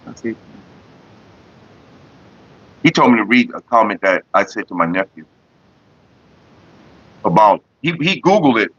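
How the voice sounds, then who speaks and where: A man's voice: medium pitch, bright, forceful tone, breathy edge, dry recording. A young man vlogging, retelling an online argument in a casual, profane, laughing way on a dull lo-fi home recording. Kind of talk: casual storytelling.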